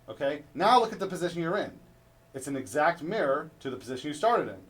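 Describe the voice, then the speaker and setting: A male drum instructor gives a hands-on lesson, coaching step by step and asking "right?" after each point. His voice is fairly high, expressive, and a little fast. The distant mic picks up clear background noise.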